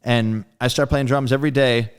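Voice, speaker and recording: Man with a smooth, resonant voice. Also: mid-range voice, moderate pace. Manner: animated storyteller who acts out quoted friends; loose and profane, full of "like". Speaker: guest drummer. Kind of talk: casual storytelling interview.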